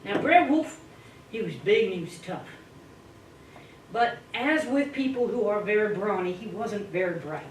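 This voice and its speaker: A woman at a speaking club telling a folk tale in a dramatic, playful way, swooping in pitch and volume. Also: animated, normal speed. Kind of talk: animated folk-tale storytelling. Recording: echoey room, distant mic, faint hiss.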